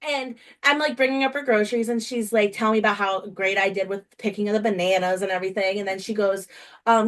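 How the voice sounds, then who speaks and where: A woman's voice: mid-range voice, fast talker. A woman co-hosting a casual chat, telling a story in a bubbly, enthusiastic way. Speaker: podcast co-host.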